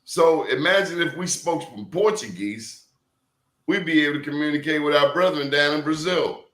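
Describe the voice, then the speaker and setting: A man's voice: fairly high pitch, moderate pace, fairly bright tone. A man in casual conversation, telling stories emphatically with blunt slang. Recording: roomy echo.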